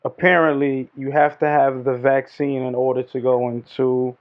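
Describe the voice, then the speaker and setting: A man's voice: mid-range voice, little pitch movement, moderate pace. A man hosting a podcast, chatting casually in loose slangy banter. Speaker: podcast host. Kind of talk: casual chat about hip-hop and news. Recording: dull lo-fi sound.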